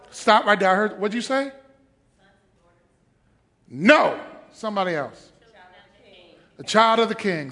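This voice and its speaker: In a church, a male pastor preaches a sermon, shifting between quiet, conversational asides and shouted declarations while calling on the congregation to respond. His voice is high-pitched and expressive, with vocal fry, a measured pace and long pauses.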